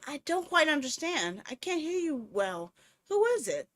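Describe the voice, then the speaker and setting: A young woman streams a horror game, chatting casually and reading the story text aloud with animated, joking delivery. Her voice is high-pitched and her speed normal.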